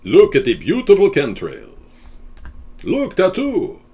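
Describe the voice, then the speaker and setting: A man's voice: sits high, wildly swooping pitch, slow, mellow, voice pushed up, heavily acted. A man doing a suave old fantasy-island host. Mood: grandiose.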